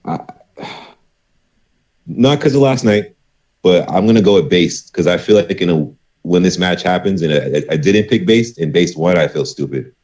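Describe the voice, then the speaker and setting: A man speaks as a guest on a casual panel chat in a very deep voice. He sounds easygoing and fills his speech with pauses. He moves through his picks quickly. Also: lively intonation, darkish tone.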